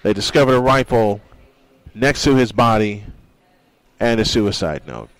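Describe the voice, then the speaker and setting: A man's voice: fairly low pitch, expressive, unhurried, no echo, rough recording. A man hosting a sports radio show, speaking earnestly in a monologue and reading quotes aloud.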